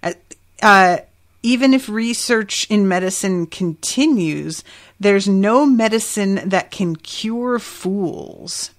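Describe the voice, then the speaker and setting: A woman voicing a grave male bison-man guard from a cartoon, in a low, quiet, solemn delivery. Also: takes it slowly. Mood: grim.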